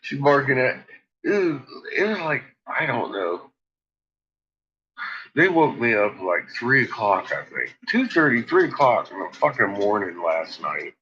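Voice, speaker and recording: A man's voice: mid-range voice, very animated, unhurried, pushed and bright. A man chatting casually late at night, cooing at his dogs, laughing often and swearing freely, on a slightly dull lo-fi recording. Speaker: vlogger.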